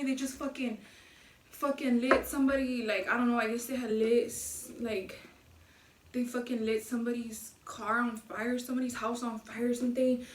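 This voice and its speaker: A woman's voice: fairly high pitch, normal speed, slight background noise. A young woman vlogger telling a casual storytime, slangy and profane, acting out the dialogue as she goes. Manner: slangy, profane, animated retelling with quoted dialogue. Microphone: low-quality camera mic. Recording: echoey room, mic at a distance.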